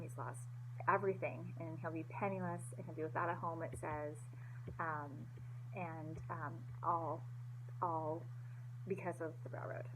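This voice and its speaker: A woman's voice: on the low side, background noise. A woman teacher giving a recorded online history lecture, casual and rambling with many fillers, into a computer mic.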